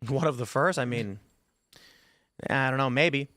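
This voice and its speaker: A man hosting a casual political panel, telling animated stories and acting out quotes. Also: mid-range voice, measured pace, no echo, clean studio sound. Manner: animated storyteller, acts out quotes. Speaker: host.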